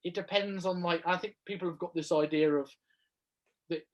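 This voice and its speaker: A man's voice: sits high, steady tone, normal speed, dull audio. A man with a Black Country accent co-hosting a casual podcast, bantering and poking fun at himself. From England. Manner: self-mocking, laughing banter. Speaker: podcast co-host.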